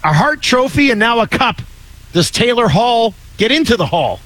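A man's voice: extremely high pitch, big pitch swings, normal speed, a bit bright, low-quality recording. A man hosting a casual sports radio show, joking, laughing often and reading out ads and listener texts.

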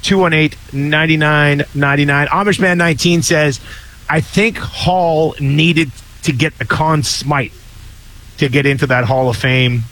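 A man's voice: a little high, steady tone, measured pace, fairly bright tone, rough recording. A man hosting a casual sports radio show, joking, laughing often and reading out ads and listener texts.

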